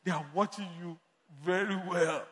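A man's voice: high voice, fairly even intonation, moderate pace, a bit bright, long reverb tail. A man preaching a sermon as pastor, emphatic, repeating and restarting phrases.

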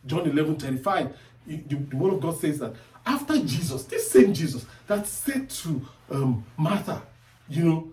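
A man preaching a sermon, emphatic, repeating his phrases and pausing for weight. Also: fairly high pitch, animated, darkish tone, reverberant, far from the mic, low-quality recording. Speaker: pastor.

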